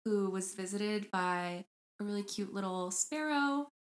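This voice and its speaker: A young woman co-hosting a casual podcast, chatting and reading a story aloud with lively mimicry of voices. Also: medium pitch, unhurried. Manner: animated, mimics voices when retelling. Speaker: podcast co-host.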